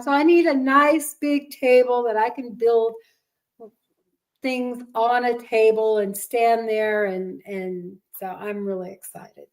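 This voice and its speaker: A woman's voice: a little high, steady tone, takes it slowly, low-quality recording. An older woman hosting a family podcast, speaking in a casual chat and fighting back tears. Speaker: podcast host, mother.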